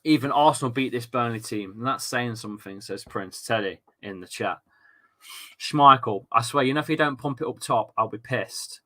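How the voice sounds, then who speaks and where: A man hosts a live football watchalong, talking straight to his viewers in a loose, chatty way. His voice is bright and forceful, and he swings between easy banter and shouted, sweary outbursts at the play. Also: medium pitch, moderate pace. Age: adult with a young son. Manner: excitable, shouts and swears at the match, chats with viewers. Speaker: livestream watchalong host.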